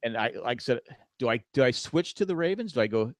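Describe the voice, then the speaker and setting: A man's voice: mid-range voice, lively intonation, quick pace, no echo. A man co-hosting a casual podcast, joking and rambling with lots of restarts about sports. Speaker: podcast co-host.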